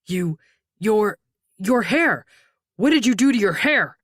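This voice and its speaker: A terrified woman whose frantic, pleading voice climbs high and shrill, as a woman narrator puts her on. The recording is close and dry, with no room around it. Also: slow pace, no echo. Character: terrified adult woman fighting for her family.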